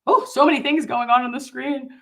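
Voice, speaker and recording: A young woman hosting a casual reaction commentary, emphatic and animated, talking straight to her viewers. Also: high-pitched, brisk, gravelly. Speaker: commentary host.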